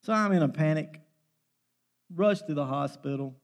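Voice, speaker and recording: A man's voice: a little high, normal speed. A middle-aged man preaching a sermon, telling family stories in a folksy way with emphatic bursts.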